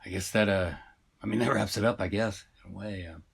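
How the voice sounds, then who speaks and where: A man with a low, husky voice tells a tale in a loose, meandering way. He wanders through asides and fillers as he goes. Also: brisk. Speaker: storyteller. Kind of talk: rambling casual storytelling.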